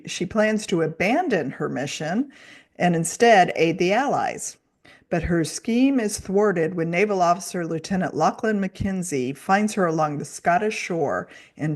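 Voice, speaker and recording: A woman from Dallas co-hosting a book podcast, upbeat and quick to laugh, also reading a book blurb aloud. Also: fairly low pitch, a little mellow. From Dallas, Texas, USA. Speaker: podcast co-host. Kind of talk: casual book-review chat and reading aloud.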